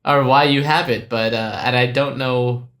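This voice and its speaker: Male co-host, casual podcast banter, halting and rambling delivery. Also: mid-range voice, steady tone, fairly bright tone. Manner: rambling, hesitant, many fillers and restarts. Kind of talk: casual chat.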